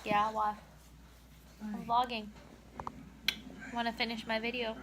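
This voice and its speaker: A woman's voice: on the high side, little pitch movement, unhurried, long pauses, heavy background noise. A young woman vlogging at home, coaxing her baby to talk in a sing-song, laughing voice. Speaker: vlogger and mother. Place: at home, lying down indoors.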